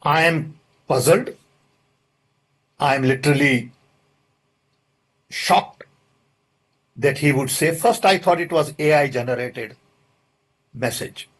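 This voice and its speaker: Slow, husky older man. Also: fairly high pitch. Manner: indignant, emphatic, deliberate pauses. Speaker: interview guest. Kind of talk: political interview.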